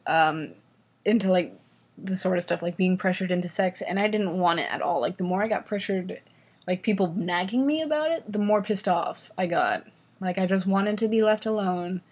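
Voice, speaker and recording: A woman's voice: fairly low pitch, husky. A young woman vlogger reviewing a book in a casual, exasperated rant, sarcastic and full of swearing and "like" fillers.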